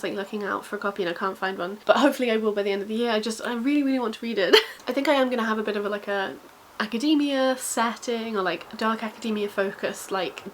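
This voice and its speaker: A woman's voice: mid-range voice, fairly bright tone, a little hiss or hum, low-quality recording. Chatty young woman rambling about books. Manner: rambling, filler-heavy, self-deprecating. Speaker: book vlogger. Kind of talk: casual chat to camera.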